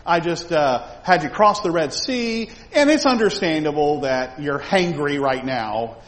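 A man's voice: a little high, lively intonation, a little slow. A man voicing God, speaking with mock reassurance and irony toward grumbling people, in a hall with long reverb. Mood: sarcastic.

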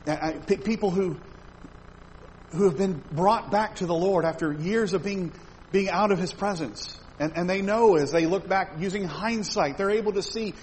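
A middle-aged man preaching a sermon, emphatic, swelling louder on key phrases and repeating words. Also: high-pitched, moderate pace, a little hiss or hum, rough recording.

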